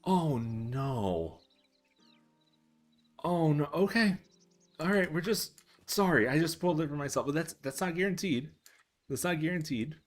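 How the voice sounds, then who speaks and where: Young male streamer, lively pitch swings, casual chat, faint music underneath. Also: a little slow, pauses often. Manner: animated, self-amused storyteller with laughs and squeaky pitch jumps. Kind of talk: casual live-stream chat while coding.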